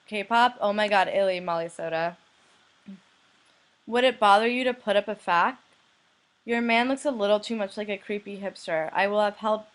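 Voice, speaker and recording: A young woman from the United States, a blogger who reads anonymous messages aloud in a flat, deadpan way. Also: medium pitch. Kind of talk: reading messages aloud to camera.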